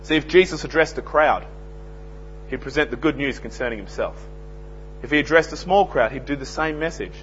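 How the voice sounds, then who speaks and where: A man's voice: mid-range voice, fairly quick, a bit bright. An earnest young Australian man preaching an evangelistic sermon, telling plain-spoken anecdotes. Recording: dull lo-fi recording with faint hum.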